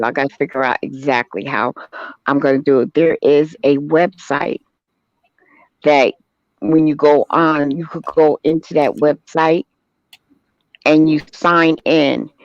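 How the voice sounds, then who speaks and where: Chatty woman host with gravelly voice. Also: low-pitched, no room sound. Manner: chatty, animated storytelling. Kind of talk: casual chat. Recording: dull lo-fi sound.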